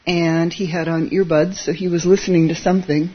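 A Zen teacher giving a relaxed, conversational dharma talk, chuckling at their own asides. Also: medium pitch, a little fast, slightly rough, lo-fi sound.

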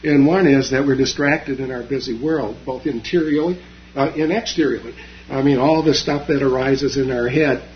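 A man giving a dharma talk, retelling a story with frequent fillers and pauses. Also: mid-range voice, steady tone, muffled recording, slight background noise. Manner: halting, many fillers.

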